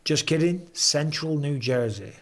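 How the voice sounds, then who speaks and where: A man with a slightly high voice hosts a casual live stream from home. He talks easily and reads out viewer comments with light banter. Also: expressive, a little slow, a bit bright.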